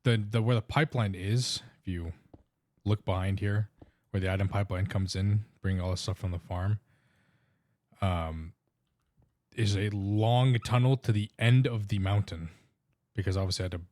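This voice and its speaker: A man's voice: fairly low pitch, normal speed, long pauses, darkish tone, no echo, studio quality. A man with an Indian accent streaming a game, explaining plans in a rambling, casual way. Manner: rambling, restarts sentences while explaining plans. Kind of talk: casual live-stream chat.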